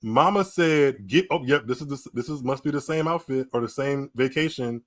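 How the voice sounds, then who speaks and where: A man's voice: medium pitch, no echo. An American man hosting a tennis podcast, reacting to pictures on a live stream with frequent laughter and exclamations. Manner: laughing often, animated reactions, slow drawn-out delivery. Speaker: podcast host. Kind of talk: casual live-stream commentary. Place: small room at home, streaming.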